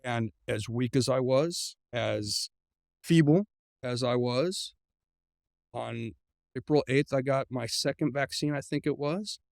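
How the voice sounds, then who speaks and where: A middle-aged man as an interview guest, earnestly recounting a personal ordeal, often halting and repeating words as he speaks. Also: medium pitch, vocal fry, no room sound, studio quality. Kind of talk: personal storytelling in a conversation.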